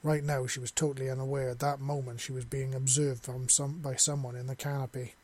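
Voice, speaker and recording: A man reads a science fiction story aloud in a steady, plain way. His voice is mid-pitched for a man, neither high nor low. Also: a little fast. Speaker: narrator. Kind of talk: storybook reading.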